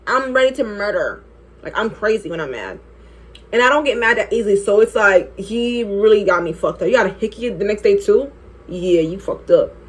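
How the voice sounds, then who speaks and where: A young woman vlogger telling an animated, profane story while doing her makeup. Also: medium pitch, brisk, husky. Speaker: beauty vlogger.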